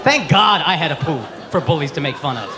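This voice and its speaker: A man's voice: on the high side, lively intonation, brisk. A man in his thirties doing a profane, punchy stand-up set on a club stage into a handheld mic. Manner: brash, profane, punchy delivery. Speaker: stand-up comedian. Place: club stage before a laughing crowd. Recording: loud crowd laughter and noise.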